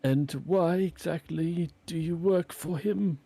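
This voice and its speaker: A man's voice: fairly high pitch, takes it slowly, vocal fry, warm tone, dry recording, pitched above the performer's own voice, full character voice. A man voicing a blunt, distrustful adventurer who speaks curtly. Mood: wary. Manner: curt, distrustful.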